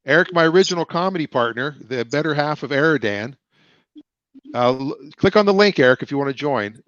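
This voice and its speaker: A man's voice: a little high, animated, brisk, a bit bright, no echo. A middle-aged man hosting a casual livestream chat over a video call. He rambles through stories and acts out other people's lines. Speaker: livestream show host. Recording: dull, lo-fi, dry sound.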